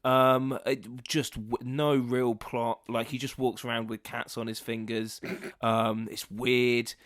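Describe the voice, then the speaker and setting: A blunt man co-hosts a casual podcast in a middle-pitched voice. He rants with dry sarcasm and swears freely. The recording is dry and close-miked. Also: flat delivery, slow, fairly bright tone, no room sound. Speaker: podcast co-host.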